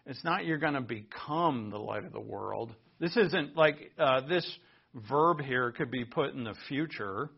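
A man preaching a sermon, explaining Greek words at a board in an animated teaching style and repeating phrases for emphasis. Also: mid-range voice, a little slow, vocal fry, husky. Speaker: pastor. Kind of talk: sermon with Greek word study at a whiteboard. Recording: dull lo-fi recording.

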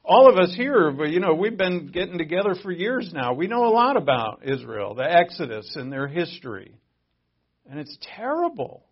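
Middle aged pastor guy preaching, raspy voice, kinda high, goes loud then quiet, jokes around. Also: sing-song, moderate pace, muffled recording. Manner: conversational, joking asides, sudden swings from loud to quiet. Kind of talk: sermon.

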